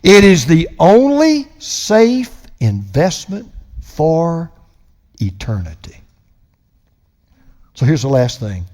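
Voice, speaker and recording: An older man delivers a sermon from the pulpit, emphatic and slowing down to stress the lines that matter. His voice sits high and swings widely in pitch. A long reverb from the large church hall trails behind each phrase. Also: sing-song, darkish tone. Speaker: pastor.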